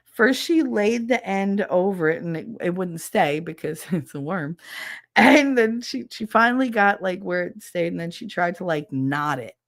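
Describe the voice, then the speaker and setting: Animated, foul-mouthed middle-aged woman storyteller. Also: fairly low pitch, moderate pace, no room sound, clean studio sound. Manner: animated, profane, mimics others in squeals. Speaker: stream host. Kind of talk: casual storytelling.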